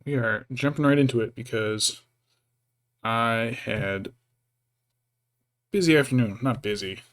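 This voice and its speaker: A man's voice: medium pitch, unhurried, a bit bright. A young man chatting casually on a live stream while painting miniatures, rambling and interrupting himself with jokes. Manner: rambling, self-interrupting, jokey; baby-talk to his pet between asides.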